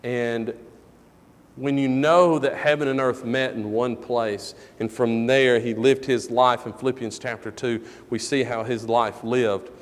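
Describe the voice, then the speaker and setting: This sermon comes from a middle-aged man in a church sanctuary who tells an energetic personal story, breaking into loud bursts as he quotes. He speaks at a measured pace with a medium-pitched voice, and a long reverb tail follows his words.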